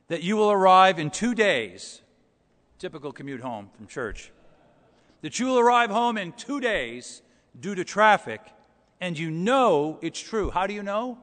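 A man preaching a sermon as pastor, telling stories and swinging between soft asides and loud emphasis. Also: high voice, big pitch swings, measured pace, long reverb tail. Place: church.

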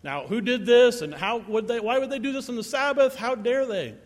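A man's voice: very high-pitched, fairly quick, big-room sound, pitched above the performer's own voice. A man voicing an indignant, scandalized male religious leader with outraged rhetorical questions.

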